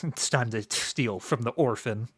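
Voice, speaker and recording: A young man co-hosting a casual podcast chat, recapping in a halting way full of fillers. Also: mid-range voice, husky. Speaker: podcast co-host.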